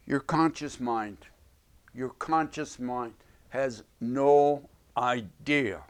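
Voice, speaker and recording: Male self-help teacher, slow and deliberate, mid-pitched, emphatic, repeats key phrases for the camera. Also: clear, resonant tone. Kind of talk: explanatory video lecture.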